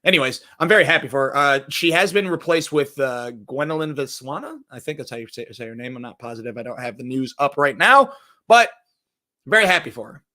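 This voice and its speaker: A man's voice: medium pitch, expressive, a little fast, sharp tone. A young man hosting a casual entertainment news show, rambling and joking, cursing now and then and trailing off into mumbles. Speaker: podcast host.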